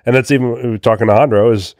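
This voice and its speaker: Mid-pitched man co-hosting, dry sound. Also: fairly even intonation, a little mellow, no room sound. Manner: reads sponsor thanks briskly. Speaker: podcast co-host. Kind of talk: casual chat.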